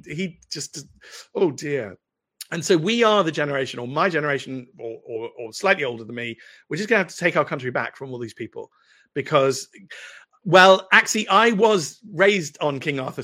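A man's voice: mid-range voice, fairly bright tone. Posh English man, rambling opinionated commentary. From United Kingdom. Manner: rambling, with frequent restarts and asides. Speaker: lawyer answering viewer questions. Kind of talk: casual livestream commentary.

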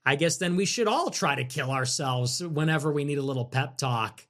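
A man hosting a livestream, reading out donations and answering them in a sarcastic, mocking way that swings from loud mimicry to low mutters. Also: animated, normal speed, hardly any pauses. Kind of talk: casual livestream commentary.

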